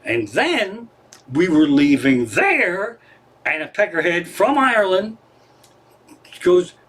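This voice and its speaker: A man from Pennsylvania, a comedian hosting a livestream show from his living room, telling a casual, profane story, excitable and animated, swearing constantly. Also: sits high, takes it slowly, husky.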